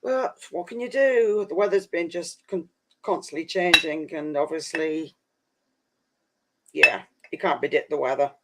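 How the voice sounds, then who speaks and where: A man's voice: fairly high pitch, unhurried, sharp tone, slight background noise. A man chatting casually on a live stream, rambling and saying "flipping" a lot.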